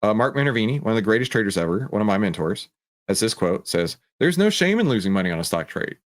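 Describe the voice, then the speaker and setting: Animated man talking on a livestream. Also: fairly low pitch, quick pace, no room sound. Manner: animated, digressive, self-interrupting. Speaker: host. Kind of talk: casual livestream talk.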